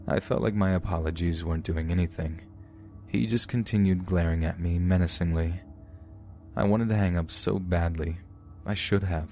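A man with a very low, deep voice reads true horror stories at a measured, even pace. Quiet music plays faintly under his narration. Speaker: podcast narrator.

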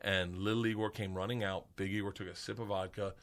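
A middle-aged man, a comedian guest, telling an animated story with lots of swearing and high-pitched quoted voices. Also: quick pace. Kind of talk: casual storytelling.

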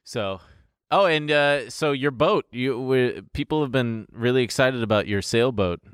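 A man's voice: mid-range voice, unhurried, clear, resonant tone, no echo, clean studio sound. A man co-hosting a podcast in loose, profane, joking banter. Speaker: podcast co-host. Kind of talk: casual chat.

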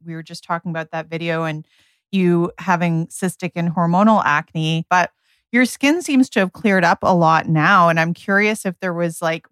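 A woman's voice: fairly low pitch, clean tone, dry recording, clean studio sound. A woman co-hosting a podcast, explaining her views in a thoughtful way. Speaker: podcast co-host. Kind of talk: casual interview chat.

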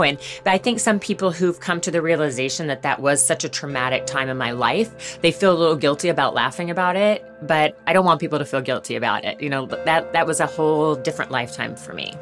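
A woman giving candid, thoughtful interview answers, speaking calmly about a hard past. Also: deep voice, fairly quick, faint music behind. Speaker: interview guest.

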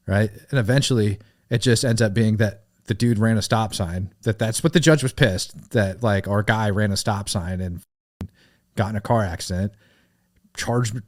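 A middle-aged man telling a wild story in casual podcast chat, animated and profane, laughing as he goes. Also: fairly low pitch. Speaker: podcast guest.

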